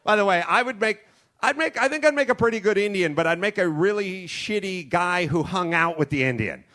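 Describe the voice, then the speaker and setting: A middle-aged American man hosting a comedy show, telling rambling, profane stories with animated asides into a studio mic. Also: high-pitched, fairly quick. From United States. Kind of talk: comedic storytelling. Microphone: studio mic with cord.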